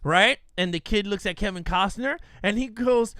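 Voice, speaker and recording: A man co-hosting a casual podcast, excitable and reading out chat comments. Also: sits high, normal speed, few pauses. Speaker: podcast co-host.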